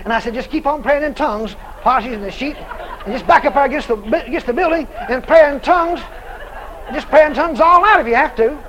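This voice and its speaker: A man preaching, telling a story with lively dialogue and loud shouted prayers. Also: extremely high pitch, quick pace, a faint crowd, slight background noise, rough recording. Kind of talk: sermon storytelling.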